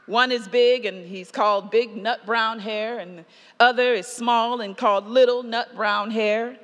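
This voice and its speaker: A woman pastor delivering a sermon, measured and slowing for emphasis, often dropping soft on key lines. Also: on the high side. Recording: long hall reverb.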